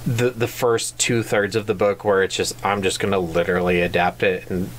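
A podcast co-host in casual book club chat, animated and jokey, given to silly voices. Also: sits low, normal speed, slight background noise.

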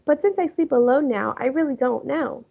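A woman's voice: high-pitched, moderate pace, gravelly, warm tone, slightly rough, exaggerated voice. A woman voicing a kindly older widower who answers a child plainly. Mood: matter-of-fact. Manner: plain, matter-of-fact. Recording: muffled lo-fi recording.

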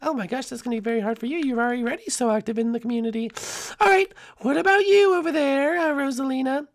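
A woman's voice: high-pitched, fast. Peach, a woman playing a peppy princess hostess. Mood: cheerful. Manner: peppy, chatty, excitable. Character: cheerful, bossy young princess hostess, Peach. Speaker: series host. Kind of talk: Minecraft role-play voice acting.

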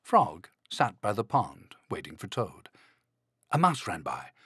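A man reading a children's picture book aloud, slow and deliberate with a very animated, swooping pitch. The sound is dry and close, with no room around it. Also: slightly rough, no echo. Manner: slow, expressive read-aloud. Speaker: audiobook narrator.

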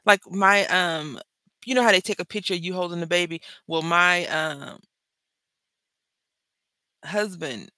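In her jewelry-making craft video, a middle-aged woman with a lowish voice chats casually and spins animated, joking stories. No room sound comes through.

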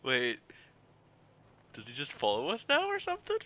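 Animated man playing a game, dry mic. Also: medium pitch, normal speed, no room sound, lo-fi sound. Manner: animated, laughing, swears playfully. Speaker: let's play gamer. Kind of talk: casual gameplay chat.

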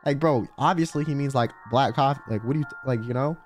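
A man's voice: medium pitch, fast, soft background music. A man streaming a game, chatting casually and animatedly with frequent swearing and laughter.

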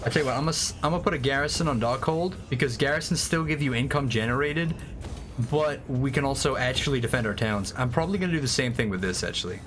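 A man livestreaming a strategy game, chatting casually and excitably with frequent swearing and rambling asides. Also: mid-range voice, quick pace, slight background noise. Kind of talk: casual gameplay commentary. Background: faint game music.

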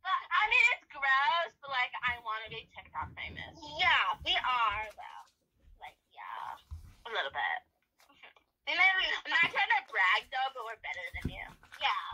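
Very high, bright whiny skit voice, female. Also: sing-song, normal speed, low-quality recording. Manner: whiny, dramatic, rambling. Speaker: guest. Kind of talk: playful improvised skit.

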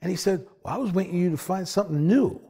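A man, a bassist, telling stories in a sit-down conversation, acting out quotes with big swings in his voice. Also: very fast, vocal fry, husky. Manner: animated storyteller, acts out quotes with big pitch swings.

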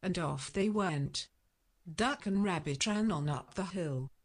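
A woman reading a children's picture story aloud in a slow, deliberate way for learners. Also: fairly low pitch. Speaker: storybook reader.

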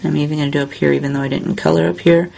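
A woman hosting a step-by-step coloring tutorial, talking in a relaxed, chatty way while she works. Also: deep voice, very fast, gravelly, a little hiss or hum. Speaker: crafting tutorial host.

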